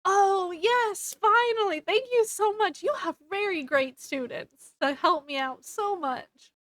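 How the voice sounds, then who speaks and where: A cheerful, grateful museum dad, as a woman reading a story aloud puts him on, gushing thanks and brushing off blame. His voice sits high and bright. The sound is close and dry, with no room around it. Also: measured pace, no echo. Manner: gushing, apologetic.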